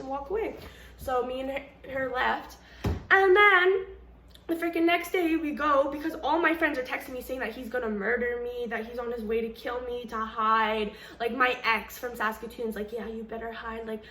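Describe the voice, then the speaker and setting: A young woman vlogger telling a story in a casual, animated, slangy way, acting out what people said in her own voice. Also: a little high, slight background noise. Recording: echoey room, faint ambience.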